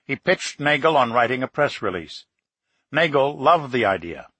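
Bright, husky-voiced male narrator. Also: mid-range voice, big pitch swings, normal speed, no echo. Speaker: audiobook narrator. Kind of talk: scripted narration.

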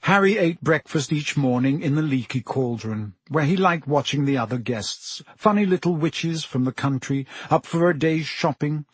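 A man narrating a storybook in a measured, even manner as an audiobook reader. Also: fairly high pitch, breathy edge, no echo.

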